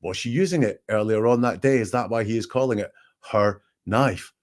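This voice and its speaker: A man's voice: fairly low pitch, normal speed. A man hosting, analyzing a recorded call with emphatic, questioning commentary. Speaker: statement analyst host.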